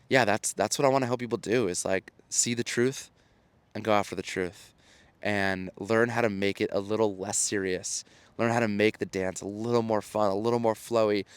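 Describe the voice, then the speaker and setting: A man's voice: medium pitch, clear, resonant tone, dry recording. A man in his thirties hosting his own show in a casual solo monologue, earnest and encouraging, often restarting his sentences. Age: 30s. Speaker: podcast host and storytelling coach.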